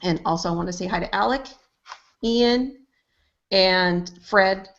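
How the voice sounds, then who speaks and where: A woman's voice: medium pitch, a little slow. A woman co-hosting a casual live-streamed show, laughing as she greets viewers by name. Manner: laughing, giving shout-outs to viewers. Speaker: podcast co-host. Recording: dull lo-fi stream audio.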